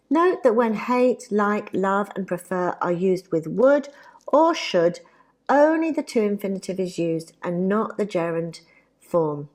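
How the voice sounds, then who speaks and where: A woman with a British accent teaching an English grammar lesson, speaking deliberately and spelling out examples. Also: medium pitch. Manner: deliberate, carefully spoken examples. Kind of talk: slow, clear grammar lesson.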